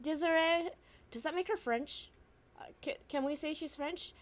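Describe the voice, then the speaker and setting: A woman's voice: high-pitched, normal speed. Playful young woman streaming a game. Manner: playful, chatty. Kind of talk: casual let's play commentary.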